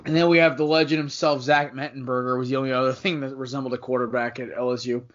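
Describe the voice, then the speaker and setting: A man in a casual sports podcast talks in a rambling, self-correcting way and teases his co-hosts. His voice sits at an ordinary pitch. The sound is dull and lo-fi. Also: flat delivery, fast. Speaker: podcast co-host.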